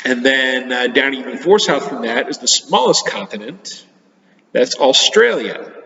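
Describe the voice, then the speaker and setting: A man teaches a class of children, explaining things simply and patiently and pausing often. His voice comes through a dull, lo-fi recording that rings in a roomy space with a long reverb tail. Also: mid-range voice, animated, vocal fry, sharp tone. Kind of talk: geography lesson for children.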